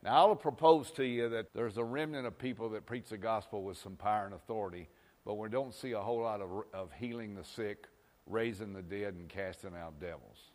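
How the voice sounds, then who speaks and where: A male pastor preaching a folksy sermon, swinging from loud exhortations to quiet asides. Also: on the low side, a little fast.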